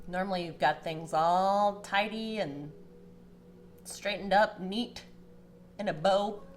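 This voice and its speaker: Slow-talking woman giving a tarot reading. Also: soft background music. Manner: emotional, gets teary and pitch rises; chatty with many fillers. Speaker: tarot reader. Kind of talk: casual spiritual tarot reading.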